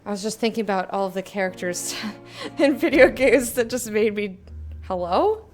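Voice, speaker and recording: A woman's voice: medium pitch, expressive, moderate pace, soft background music. A woman giving casual commentary while playing a video game, chatty and giggly, talking to herself. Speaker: gamer.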